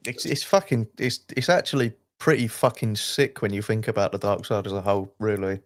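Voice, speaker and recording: A man's voice: fairly low pitch, steady tone, brisk, no room sound, studio quality. A young man streaming live, talking bluntly and swearing in casual chat.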